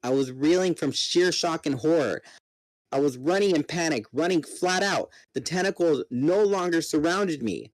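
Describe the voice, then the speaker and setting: A man's voice: fairly high pitch, moderate pace, no room sound, poor audio. A man reading a novel aloud, narrating steadily and voicing the characters himself. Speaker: reader. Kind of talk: dramatic book reading.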